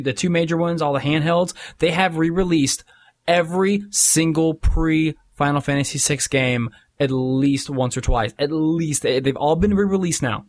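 A man co-hosting a podcast in casual chat who explains things at length. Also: a little high. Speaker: podcast co-host.

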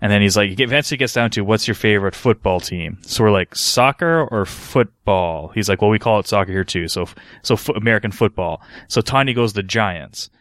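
Low smooth-voiced man telling a story. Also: brisk, few pauses, a bit bright, no room sound, clean studio sound. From Canada. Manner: rambling, swears freely, laughs mid-story. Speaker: podcast co-host. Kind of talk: casual storytelling chat.

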